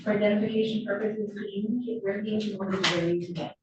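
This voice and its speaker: A woman attorney questions a witness in a measured, steady way. She sounds distant in a very echoey courtroom, with clear background noise over a dull, lo-fi recording. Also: medium pitch. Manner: measured, frequent "okay". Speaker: prosecutor.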